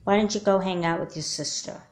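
A woman doing a brisk, practical mom. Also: lowish voice, fairly even intonation, lightly acted.

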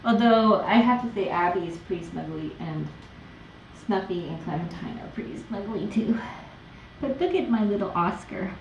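A woman caring for rescue kittens, cooing to them in soft sing-song baby talk. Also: mid-range voice, lively intonation, normal speed, creaky. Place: indoor kitten room. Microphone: room camera mic from a distance. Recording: distant echoey livestream cam audio, dull and noisy.

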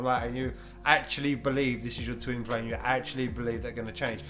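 A man's voice: medium pitch, flat delivery, a bit bright, faint music behind. A young man, co-hosting a podcast in a chatty, joking way. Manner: quick, chatty, jokey. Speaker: podcast co-host. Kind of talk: casual chat. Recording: echoey room.

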